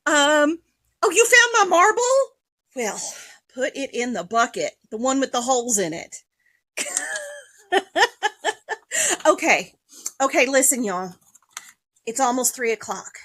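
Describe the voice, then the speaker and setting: A woman hosting a casual livestream sale from a basement, talking in a mock-calm, sarcastic way with sighs and throat-clearing. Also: high voice, slow pace, long pauses, no echo. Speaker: livestream seller and host. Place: home basement room.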